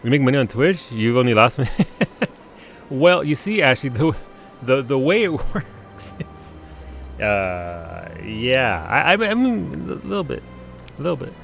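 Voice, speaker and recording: Animated, laughing male game streamer. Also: mid-range voice, measured pace, creaky, soft background music. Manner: animated, laughing, stammering restarts. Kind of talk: casual live gameplay commentary.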